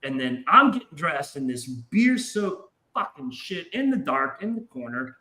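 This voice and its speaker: A man's voice: on the high side, unhurried, echoey room, rough recording. A man casually telling a wild story, swearing often and acting out the voices of the people in it. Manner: animated, profane, acts out voices in his story. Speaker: podcast guest.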